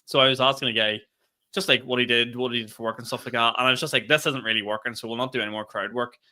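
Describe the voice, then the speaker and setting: A man tells gig stories on a casual podcast, talking quickly and laughing through his lines. His voice is bright and forceful, and his delivery is lively and loose. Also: mid-range voice. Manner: animated storyteller, laughs mid-sentence, swears freely. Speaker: podcast co-host, stand-up comedian.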